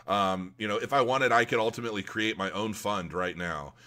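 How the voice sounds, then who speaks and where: A man hosting a casual crypto vlog, talking straight to his viewers in a rambling, excitable way with lots of fillers and restarts. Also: on the low side, fairly quick. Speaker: crypto video host.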